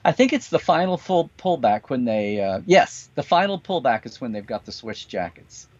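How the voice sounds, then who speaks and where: A man co-hosting a casual livestream, talking chattily with quick asides and frequent chuckles. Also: mid-range voice, big pitch swings, no room sound. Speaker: co-host. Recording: dull lo-fi video call audio.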